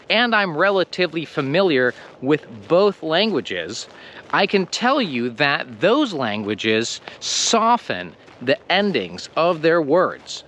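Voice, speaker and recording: A man with an American accent teaching English pronunciation in a video lesson, slow and emphatic, stressing the ends of words. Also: high-pitched, fairly bright tone, slight background noise.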